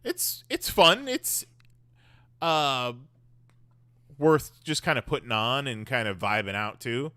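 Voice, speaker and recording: A man's voice: mid-range voice, expressive, slow, long pauses, sharp tone, smooth, dry recording. A man hosting a podcast in casual chat, rambling with lots of fillers and swearing. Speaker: podcast host.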